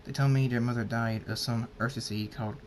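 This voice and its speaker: A man reading aloud as a devoted male pony king, soft-spoken and earnest, in a fan storybook reading. His voice sits at an ordinary middle pitch and stumbles into small restarts. A faint low rumble hums under it. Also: fairly even intonation, natural voice. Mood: tender. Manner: soft, halting read with restarts.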